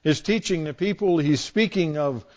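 A man's voice: a little high, normal speed, a little mellow. A man preaching a sermon in a storytelling way, acting out scenes with different voices.

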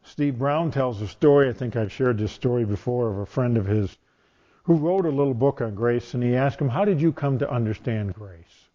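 A man's voice: mid-range voice, normal speed, warm tone. A male preacher giving a sermon in a conversational storytelling manner. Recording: dull lo-fi sound.

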